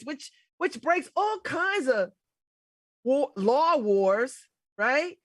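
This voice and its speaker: A woman's voice: sits high, sing-song, extremely slow, no echo. A middle-aged woman hosting a casual political talk show, blunt and emphatic, laughing often. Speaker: radio host.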